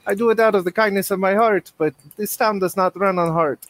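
A man's voice: sits high, a little fast, fairly bright tone, voice pushed up. A man voicing a flamboyant, wealthy older patron who talks in grand, theatrical flourishes. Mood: grandiose.

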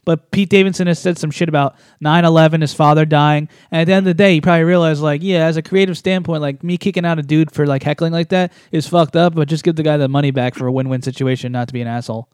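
Crude jokey guy on a podcast, talks fast, dry close sound. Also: fairly high pitch, steady tone, a little mellow, clean tone, dry recording. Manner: crude, joking, quick questions. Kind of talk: casual chat.

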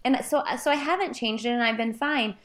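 A woman co-hosting a casual chat, sharing running tips in a relaxed way with many fillers. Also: fairly high pitch, brisk. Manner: relaxed, filler-heavy with frequent "like". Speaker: running podcast co-host.

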